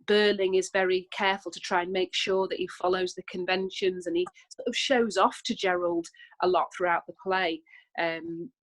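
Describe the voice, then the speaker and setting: A British woman, an English teacher, explaining a play in a relaxed lesson with many ums and self-corrections. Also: fairly low pitch, poor audio. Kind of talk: recorded online lesson discussion.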